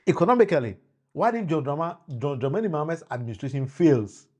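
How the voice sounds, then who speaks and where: A man's voice: on the high side, sing-song, quick pace, a little mellow. Ghanaian man mixing Twi and English. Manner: mixes Twi and English, repeats and restarts, addresses viewers by name. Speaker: political commentator. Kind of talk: live-stream political talk.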